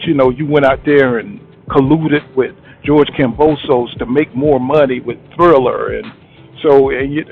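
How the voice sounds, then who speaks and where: A man giving a casual boxing commentary monologue, blunt and slangy, who keeps asking "you know what I'm saying". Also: fairly high pitch. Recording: tinny phone-like sound, faint music.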